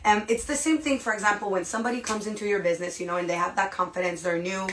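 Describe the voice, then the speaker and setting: A woman hosting a podcast, giving an energetic, casual motivational talk and often checking in with "right?" and "you guys". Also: medium pitch, racing, a little hiss or hum. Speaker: podcast host. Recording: echoey room.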